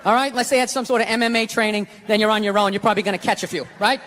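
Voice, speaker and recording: A man's voice: high voice, fairly even intonation, rapid-fire. A man doing stand-up comedy, telling a story in a brash, blunt and profane way on a club stage. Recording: live club with noisy crowd.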